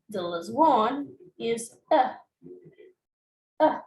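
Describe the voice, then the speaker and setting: A woman's voice: a little high, very slow, long pauses, darkish tone. A woman teaching English vowel sounds, naming each symbol and repeating every example word. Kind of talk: slow, deliberate pronunciation lesson. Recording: echoey room, voice off-mic.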